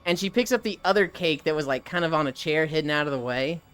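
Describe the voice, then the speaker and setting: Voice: mid-range voice, expressive, quick pace, fairly bright tone, clean tone, soft background music. Rambling, laid-back live streamer. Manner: rambling, swears freely, laughs often. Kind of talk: casual stream chat, reacting to chat.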